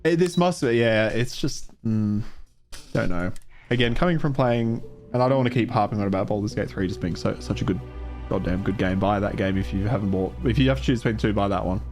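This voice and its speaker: A man's voice: on the low side, fairly quick, darkish tone, faint music behind. Ranting, frustrated male game streamer. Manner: frustrated ranting, swears, trails off. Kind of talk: casual gameplay commentary.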